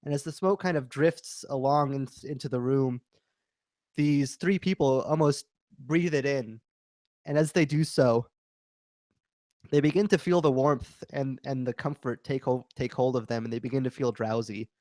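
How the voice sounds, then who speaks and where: A man's voice: medium pitch, moderate pace, a little mellow, no echo. A man speaks as a player in a tabletop game, his voice dry and close with no room around it. He describes his character's actions at length and wanders through filler words.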